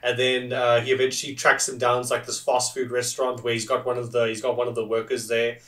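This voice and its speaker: A man's voice: mid-range voice, completely flat delivery, quick pace, a bit bright. Male podcast co-host, rambling recap style, roomy distant sound. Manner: rambling retelling with many fillers and restarts. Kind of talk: casual film review chat.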